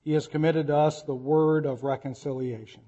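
A man preaching a sermon in a church, reading scripture slowly and rising to urgent appeals. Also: on the high side, fairly even intonation, warm tone, dull audio. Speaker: pastor.

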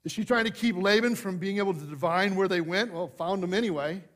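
A man delivers a sermon in a fairly high voice. He leans hard into key phrases, then drops to quiet, confiding asides. His humor stays light and conversational. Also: a little fast. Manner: expressive preaching, swings from loud emphasis to hushed asides. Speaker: pastor.

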